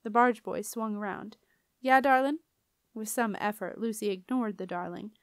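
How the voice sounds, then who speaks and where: A woman narrating a children's fantasy audiobook. Her reading is even and expressive. The recording is dry and close, with no room sound. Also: medium pitch, moderate pace, no room sound. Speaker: audiobook reader. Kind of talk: storybook narration.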